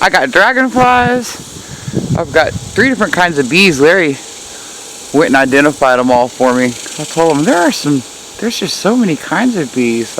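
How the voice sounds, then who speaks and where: A woman's voice: fairly low pitch, a bit bright, a little hiss or hum, rough recording. A woman giving a casual, chatty tour of her backyard garden in the heat, hot and sweaty and laughing at herself. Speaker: gardening vlogger.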